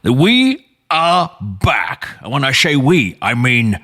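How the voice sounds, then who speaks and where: A man's voice: medium pitch, huge pitch swings, slow, bright, forceful tone, exaggerated voice. A man doing a faded Scottish super-spy. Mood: grandiose. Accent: faltering put-on Scottish. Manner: grand mock-dramatic delivery, then rambling and sheepish. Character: aged, comically washed-up male spy back from the dead. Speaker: comic character on a podcast.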